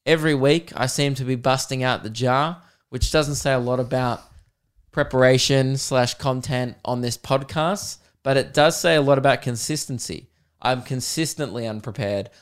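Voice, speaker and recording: A man's voice: mid-range voice, clear, resonant tone. A young man hosting a comedy podcast, ranting with self-mocking humor and lots of swearing. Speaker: podcast host. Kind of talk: casual comedic rant.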